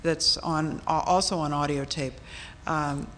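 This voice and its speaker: Brisk woman moderator, faint hiss. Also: low voice, fairly even intonation, a bit bright. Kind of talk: moderating an audience Q&A. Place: auditorium stage.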